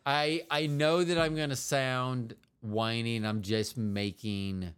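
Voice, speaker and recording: A man co-hosting a casual podcast with his partner, his voice smooth and resonant at an ordinary middle pitch. He rambles through stories with restarts and jokes at his own expense. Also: steady tone, takes it slowly. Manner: rambling, self-deprecating and joking, with many restarts. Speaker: podcast co-host.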